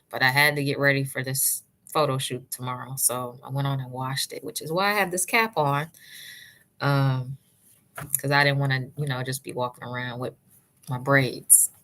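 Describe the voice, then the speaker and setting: Low-voiced woman chatting on a livestream. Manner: warm, chatty, answers live chat by name, calls viewers sis and love; encouraging, advice-giving. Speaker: natural hair vlogger. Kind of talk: casual livestream chat.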